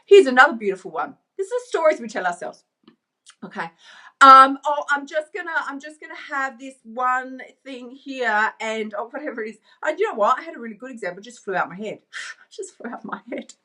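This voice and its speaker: Emphatic woman with a bright voice. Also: high voice, expressive, brisk. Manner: emphatic, repeats lines for effect, chats with viewers. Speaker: weight-loss coach. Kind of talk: live-stream pep talk to viewers.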